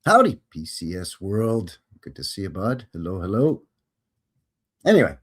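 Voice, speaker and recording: A man's voice: deep voice, huge pitch swings, moderate pace, breathy edge. A man hosting a casual live stream, joking and rambling and now and then slipping into silly voices. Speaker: host.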